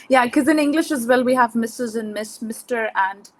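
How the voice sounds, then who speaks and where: Woman student on a call, slightly high voice, hesitant, lots of fillers. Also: a little slow, no echo, poor audio. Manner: hesitant, many fillers, laughs easily. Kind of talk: asking questions in class.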